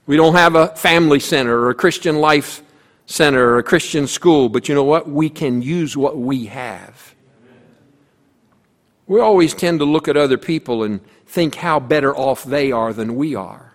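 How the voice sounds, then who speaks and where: In a church sanctuary, a pastor with a slightly high voice preaches a sermon at normal speed. He tells a story with voiced characters and emphatic repetition, and the hall's long reverb carries his words.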